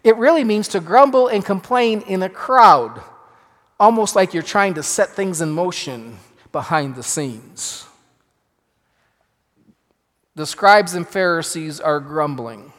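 A pastor preaches in a fairly high-pitched voice, leaning into some phrases and dropping others to a near hush. His voice carries with the long reverberation of a large church hall. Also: lively intonation, slow, long pauses. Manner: emphatic, dramatic shifts in loudness. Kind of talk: sermon.

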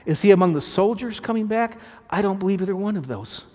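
A man's voice: high-pitched, expressive, fast, dark tone, big-room sound. A man preaching a sermon as pastor, earnest and emphatic, restarting phrases as he explains scripture.

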